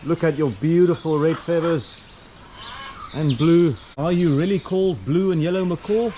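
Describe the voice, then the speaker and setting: A middle-aged man, vlogging casually on a walking tour and cooing at the birds in a sing-song voice as he goes. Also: moderate pace. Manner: chatty, coos at birds in a high sing-song voice. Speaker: travel vlogger. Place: outdoor bird park. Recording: outdoor clip with loud bird noise.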